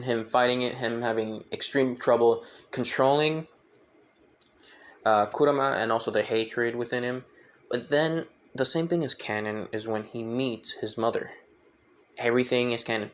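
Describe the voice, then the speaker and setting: A young man narrates a fan-made story on the fly, middling in pitch. He rambles, restarts sentences, and speaks straight to his viewers. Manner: rambling, many fillers and restarts.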